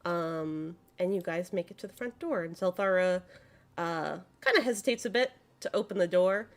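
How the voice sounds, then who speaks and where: A woman narrating a tabletop game as game master, relaxed and hesitant with many fillers. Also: lowish voice, moderate pace.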